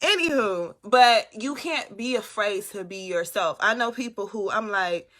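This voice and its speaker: A woman on a casual live stream, talking loud and animated straight to her viewers, giving them a pep talk. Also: medium pitch, unhurried. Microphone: phone or webcam.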